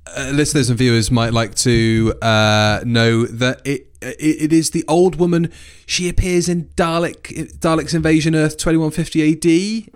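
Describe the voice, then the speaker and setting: A man co-hosting a podcast, talking in a relaxed, conversational way. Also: on the high side, normal speed, clear, resonant tone. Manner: relaxed, conversational, reads out quotes. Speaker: podcast co-host. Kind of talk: casual chat review.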